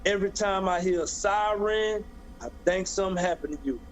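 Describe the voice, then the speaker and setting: A man voicing his weary, loving mother, speaking slowly and firmly. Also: sits high, slight background noise, close to an everyday voice. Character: tired, loving older mother, firm.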